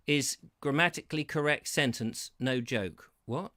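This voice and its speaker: A man's voice: mid-range voice, moderate pace, few pauses, a bit bright. A man from England hosting a live-streamed comedy talk show from his home, chatting and rambling as he reads viewer comments and stumbles playfully through tongue twisters. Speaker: host. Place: terraced house.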